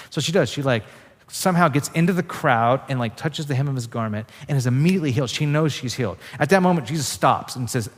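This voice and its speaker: A man's voice: medium pitch, expressive, fast. Casual-talking male preacher in a big hall. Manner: casual, conversational preaching with frequent "like" fillers. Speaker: pastor. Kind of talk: sermon.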